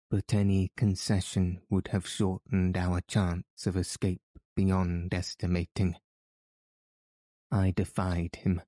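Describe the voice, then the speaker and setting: Deep, slow male audiobook narrator. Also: dark tone, no room sound. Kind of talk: scripted narration.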